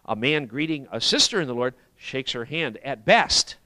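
A male preacher tells a story from the pulpit of a church, his bright voice rising and falling over a wide range. He acts out the exclamations of the people he quotes. The sound is close and dry. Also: medium pitch, big pitch swings, moderate pace, no room sound. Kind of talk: sermon storytelling.

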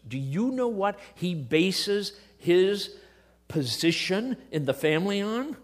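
A middle-aged man preaching a sermon, moving between quiet, hushed passages and emotional, impassioned outbursts. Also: high-pitched, very animated, takes it slowly.

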